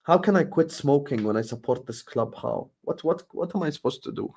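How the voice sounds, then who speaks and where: A man's voice: a little high, animated, brisk, creaky, a little mellow, husky. A young man hosting a football live stream, ranting in exasperation, repeating himself and swearing.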